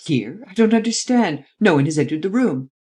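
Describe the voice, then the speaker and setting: A reader doing a blustering male statesman in an audiobook, clipped and exclamatory, pushing hard for fast action. His voice sits at an ordinary middle pitch. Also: expressive, a little mellow, husky. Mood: urgent. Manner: brisk, exclamatory, pushes for quick results. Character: impatient male head of government, blustering.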